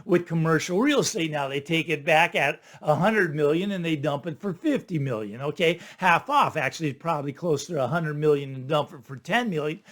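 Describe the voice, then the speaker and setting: A middle-aged man hosting his own channel, giving casual, animated commentary on the housing market with lots of asides, sometimes laughing at his own points. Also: on the high side, fairly quick, few pauses. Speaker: channel host and real estate agent.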